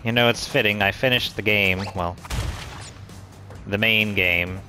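Man, lower voice, exasperated gameplay commentary, cursing, game music behind. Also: steady tone, unhurried, bright, forceful tone. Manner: frustrated, swearing, talking to the game. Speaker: let's play gamer.

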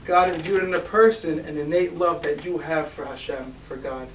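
A man, a rabbi, giving a storytelling sermon to a gathering, animated and acting out the people in his stories. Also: on the high side, moderate pace. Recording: roomy, distant mic, faint hiss.

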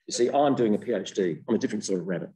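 A man's voice: fairly low pitch, animated, racing, mellow, reverberant, pitched below the performer's own voice, natural voice. A man voicing an earnest young rabbit doing a doctorate, prim and apologetic, from a distant mic in a lecture room.

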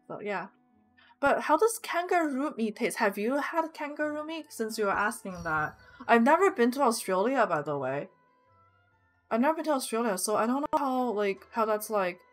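Music runs under the voice of a young woman streaming a game, whose tone is a little high and fairly bright. She casually chats with viewers, reads chat aloud, and giggles often.

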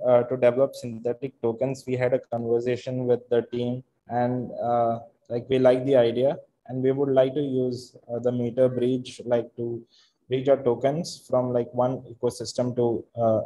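Indian guy in his 20s demoing his project on a call, super mellow dark voice, monotone, lots of uh. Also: mid-range voice, normal speed, poor audio. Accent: Indian English. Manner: hesitant, many fillers. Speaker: startup founder presenting. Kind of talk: casual video call pitch.

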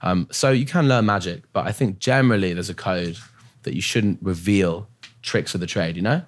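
A man's voice: low-pitched, normal speed. A young British man, a magician guest on a podcast, chatting in an easygoing way, often adding "you know" and laughing. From Britain. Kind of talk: casual podcast chat.

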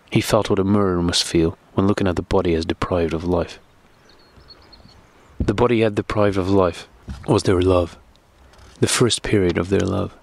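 A man narrating a classic novel audiobook in a steady, measured reading. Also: sits low, dry recording.

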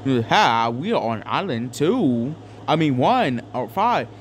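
A man's voice: mid-range voice, sing-song, slow, slight background noise. A young man doing an improvised comedic fan dub, rambling and crude with lots of fillers. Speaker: fan dubber.

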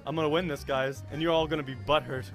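A man hosting a gaming video, yelling, swearing and cheering himself on, his voice strained from shouting. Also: fairly high pitch, steady tone, quick pace, soft background music. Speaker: gaming channel host. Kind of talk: excitable gaming commentary.

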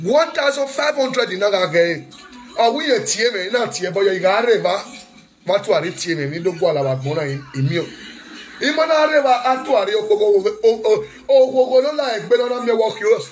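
A man in an emotional monologue, switching between shouting, pleading apologies and snatches of song, with Pidgin mixed in. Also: high-pitched. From Nigeria. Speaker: social media commentator. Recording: faint music behind.

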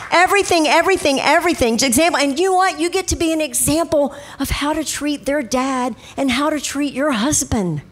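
A middle-aged woman pastor preaching a sermon, telling family stories and acting out the voices in them. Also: high voice. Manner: animated storytelling, acts out quotes. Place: church stage.

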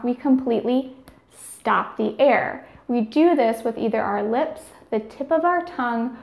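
Slow, careful woman teaching speech sounds. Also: on the high side, gravelly, echoey room. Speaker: speech therapy educator. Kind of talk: scripted instructional narration.

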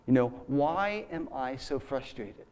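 A man preaches in a church in a relaxed, folksy way. He talks like he is chatting, full of fillers, asides and friendly slang. His voice sits at an ordinary middle pitch. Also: unhurried, smooth. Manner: conversational, folksy, with many fillers. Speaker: pastor. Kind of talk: sermon.

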